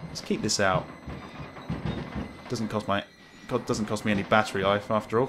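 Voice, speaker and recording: A man's voice: on the low side, fairly even intonation, normal speed, long pauses, a bit bright, a little hiss or hum. A man commentating a horror game as he plays, jumpy, swearing, laughing nervously. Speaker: gamer playing a horror game. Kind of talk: let's play commentary.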